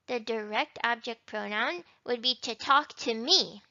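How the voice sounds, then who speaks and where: A woman gives an introductory language lesson with a high, bright voice that rises and falls a lot. She talks slowly and sounds words out with care. The recording is dry and a little dull. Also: expressive, no echo. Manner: slow, careful modeling of Spanish words. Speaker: Spanish teacher.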